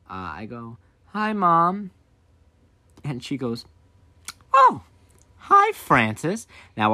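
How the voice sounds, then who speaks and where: A man co-hosting a podcast, telling a childhood story in casual chat and acting out the other people in it. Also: no room sound. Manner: animated, acts out quoted voices with big pitch jumps. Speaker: podcast co-host.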